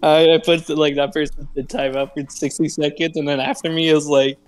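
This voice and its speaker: A man with a voice sitting a little above the usual male pitch, chatting on a live stream. He rambles through his story with constant fillers and swearing, restarting his sentences as he goes. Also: level tone, brisk. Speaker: stream co-host. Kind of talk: casual live-stream chat.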